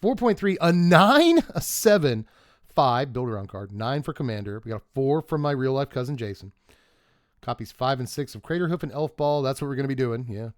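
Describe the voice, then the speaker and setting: A man's voice: medium pitch, animated, a little fast, darkish tone, no echo, clean studio sound. A man doing a casual live-stream review of game cards, chatting and thinking aloud with rambling asides and restarts.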